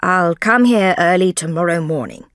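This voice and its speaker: A woman voicing a calm, clever male detective in a slow storybook reading, measured and low-keyed. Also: no echo, clean studio sound.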